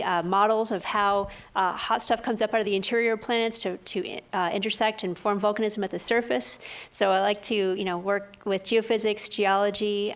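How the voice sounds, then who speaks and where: A woman scientist speaking at a panel briefing. She talks earnestly and haltingly, with frequent fillers and restarts, at an average pitch.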